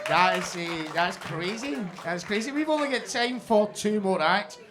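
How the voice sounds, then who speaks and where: Man, comedy co-host, very high voice, casual crowd talk, loud audience behind. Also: moderate pace, heavy background noise. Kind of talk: introducing acts. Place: basement comedy club.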